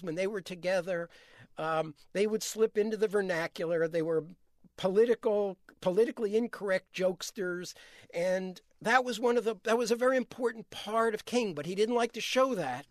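A man's voice: high voice, no echo, studio quality. A man, an author answering interview questions, telling history earnestly with frequent restarts.

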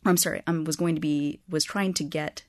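A woman's voice: low-pitched, steady tone, brisk, darkish tone, no echo, clean studio sound. A woman author answering callers on a radio call-in show, thoughtful and hesitant, with many fillers. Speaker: guest author.

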